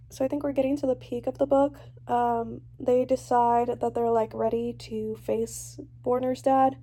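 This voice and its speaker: A young woman vlogging about a book she is reading, chatty and animated as she swings between gushing and ranting. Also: fairly high pitch, unhurried, hardly any pauses. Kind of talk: casual reading reaction vlog.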